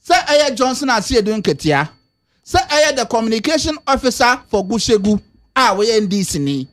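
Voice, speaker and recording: A man's voice: extremely high pitch, a bit bright. A man giving emphatic political commentary on a radio talk show, mixing Twi and English.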